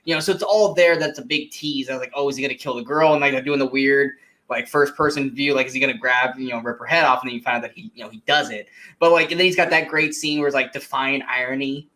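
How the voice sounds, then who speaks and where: A man's voice: mid-range voice, fast, sharp tone. A man co-hosting a casual movie podcast, talking enthusiastically, laughing often and quoting film lines. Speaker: podcast co-host.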